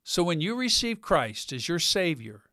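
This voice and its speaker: A man's voice: on the high side, sing-song, pushed and bright, no room sound, studio quality. A man preaching a sermon, reading scripture aloud earnestly and stressing key words. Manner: speaks slowly with stressed words.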